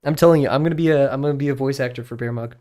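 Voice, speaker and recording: This drawing streamer is a man in his twenties whose mid-range voice has a dark tone and moves very fast. He chats loosely while streaming, drifting from one thought to the next, poking fun at himself and slipping small laughs between phrases.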